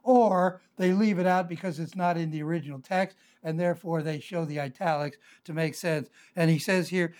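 An older male pastor with a notably high voice gives a verse-by-verse Bible teaching sermon. He explains earnestly and circles back to his points, dropping in frequent "uh" pauses as he works through the text. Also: fairly even intonation, a little mellow.

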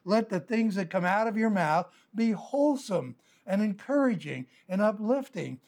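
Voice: mid-range voice, expressive, normal speed, a little mellow. A Bible teacher preaching a sermon, explaining the meaning of Greek words with homely everyday examples. The delivery is earnest, with occasional light chuckles. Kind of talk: sermon with verse-by-verse Greek word study.

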